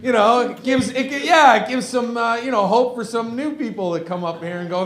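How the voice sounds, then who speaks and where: A man's voice: very high voice, fairly quick, few pauses, reverberant. A man hosting an open mic, teasing the last comic and introducing the next one in offhand banter.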